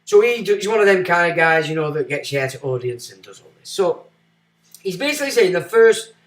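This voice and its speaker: A man hosting a livestream, giving blunt, sarcastic commentary that swings from muttering to loud. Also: sits high, animated, brisk, roomy sound. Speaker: livestream host.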